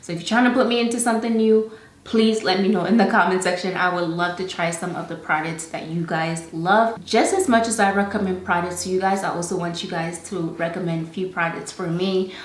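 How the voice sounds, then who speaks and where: A woman's voice: fairly low pitch, steady tone, fairly quick. A young woman with an African accent, casually reviewing beauty products in a chatty way, with lots of "like" fillers. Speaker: beauty vlogger. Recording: echoey room.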